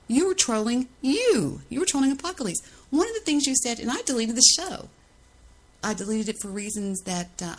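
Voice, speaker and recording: A woman's voice: medium pitch, low-quality recording. A woman hosting her own podcast in a ranting monologue, indignant and defensive, repeating phrases for emphasis. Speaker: podcast host.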